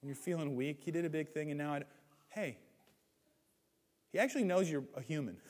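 A man preaching a sermon as pastor, animated, swinging between loud, excited stretches and hushed ones. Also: fairly high pitch, a little fast. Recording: hall reverb.

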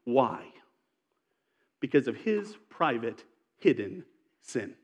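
A man's voice: medium pitch, sing-song, takes it slowly, a little mellow, big-room sound. A man preaching a sermon in an earnest, emphatic way, reading scripture aloud and explaining it. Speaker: pastor.

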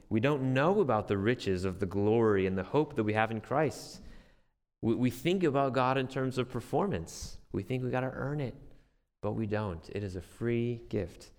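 A man's voice: lowish voice, long reverb tail. A man preaching a sermon as a pastor, earnest and conversational, with restarts and light self-deprecating humor.

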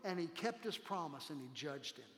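A male pastor preaching a sermon, dramatic and slowing down hard to land key words. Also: on the high side, expressive, a bit bright, big-room sound. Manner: dramatic preaching, slows for emphasis.

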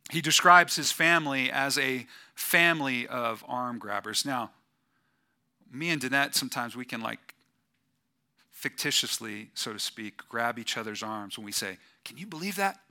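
A man preaching a sermon as pastor to his church, deliberate, swelling to emphasis and dropping quiet. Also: mid-range voice, fairly even intonation, clear, resonant tone.

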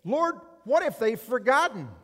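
A frightened prophet begging God to send someone else, as a preacher puts him on. His voice rises high and strains as he stammers out excuses. The sound rings with long hall reverb. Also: sing-song, a little slow, fairly bright tone, heavily acted. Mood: frantic pleading. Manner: high-pitched, pleading, stammering. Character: anxious male prophet pleading with God.

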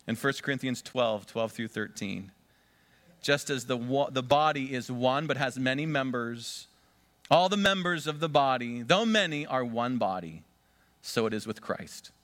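A male pastor preaching a sermon, swinging between loud emphatic stresses and quiet asides, leading the congregation in call-and-response repetition. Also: mid-range voice, lively intonation, measured pace.

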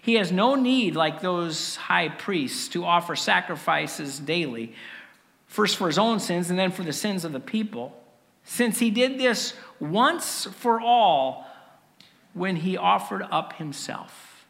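A man preaching a sermon with earnest rhetorical questions and dramatic pauses. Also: high voice, animated, creaky, fairly bright tone, big-room sound. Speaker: pastor.

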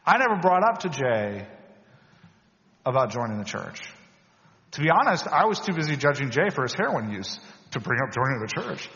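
A man's voice: medium pitch, very animated, moderate pace, long pauses, bright, forceful tone. A man giving a sermon as a pastor, telling personal stories in a conversational, self-deprecating way and acting out the dialogue. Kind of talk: sermon storytelling. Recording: dull lo-fi audio with long hall reverb.

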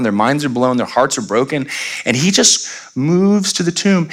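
Bright-voiced preacher with animated delivery. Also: male voice, a little high, moderate pace. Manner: animated, acts out quoted voices. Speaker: pastor. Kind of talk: sermon.

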